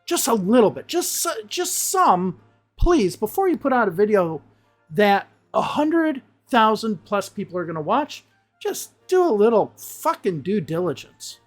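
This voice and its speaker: Woman english teacher ranting casually, blunt, swears a lot, mid pitch, faint music behind. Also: big pitch swings, unhurried. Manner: blunt, exasperated, swears freely. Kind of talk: casual reaction commentary.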